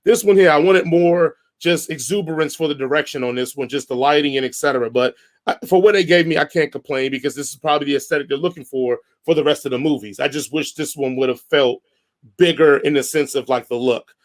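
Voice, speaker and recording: A man co-hosting a podcast, reviewing a film in a casual, animated, rambling way with lots of restarts. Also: fairly high pitch, fast talker. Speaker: podcast co-host. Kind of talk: casual movie review chat.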